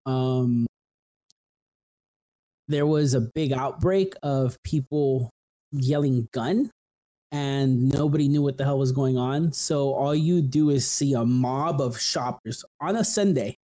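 Young male podcast host, mellow tone, loose rambling storyteller with lots of filler words. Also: medium pitch, slow pace. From San Fernando Valley, California. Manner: rambling, full of "like" and "um", restarts often. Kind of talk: casual storytelling.

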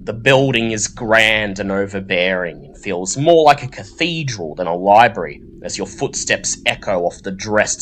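A man narrating a tabletop horror game as game master, in a measured, descriptive way. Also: lowish voice, fairly bright tone, a little hiss or hum.

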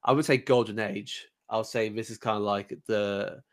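A man's voice: fairly low pitch, fairly even intonation, moderate pace. A man from England co-hosting a podcast in casual chat, hesitant with lots of ums and repeated words. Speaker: podcast co-host.

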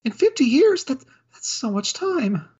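A man voicing a clumsy young maid in a high falsetto, stammering and apologetic, on a dull recording. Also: sing-song, measured pace, a little mellow, slightly rough, exaggerated voice. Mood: pleading. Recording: dull lo-fi audio.

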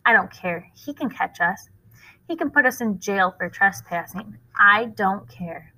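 A woman's voice: mid-range voice, animated, a little slow, bright, forceful tone, rough recording. A woman reading aloud, voicing a stubborn, outspoken young girl who talks in an insistent way. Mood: defiant.

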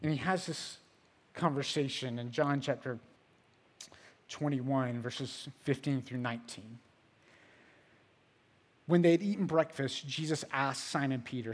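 A pastor preaches in a big-sounding room, his mid-range voice a little slow and breathy, with long pauses. He tells the story informally, using filler words and shifting from loud emphasis to quiet, hushed passages.

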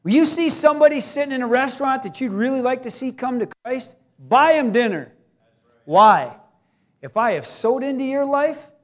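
A man with a very high voice preaching a sermon. He talks to the congregation in a casual, conversational way, then breaks into loud, acted cries. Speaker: pastor.

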